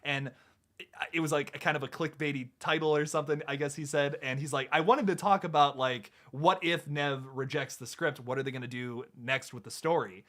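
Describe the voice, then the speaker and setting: Excitable casual streamer guy. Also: on the high side, brisk. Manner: excitable, laughs often, stumbles and restarts. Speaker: host. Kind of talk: casual live stream chat.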